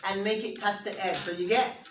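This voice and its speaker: A woman's voice: medium pitch, steady tone, brisk. A woman teacher leading an interactive class, patiently explaining step by step and having the students repeat after her. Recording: echoey room, distant mic, faint noise.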